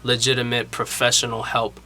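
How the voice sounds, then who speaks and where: A man's voice: medium pitch, completely flat delivery, sharp tone, slight background noise. A man in casual conversation, talking earnestly and reflectively about a music video he helped make. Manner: earnest and reflective, hurried asides. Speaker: music video co-creator reacting to their video. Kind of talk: casual reaction chat.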